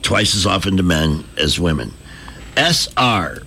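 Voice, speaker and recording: A man's voice: sits low, very animated, unhurried, vocal fry, sharp tone, slight background noise. A man hosting a morning radio show, running a call-in quiz with jokey, teasing banter.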